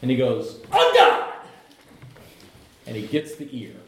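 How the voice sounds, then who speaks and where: A middle-aged man preaching a sermon, telling the story in an animated way, with humor and asides to the congregation. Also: medium pitch, fairly quick. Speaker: pastor. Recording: echoey church hall.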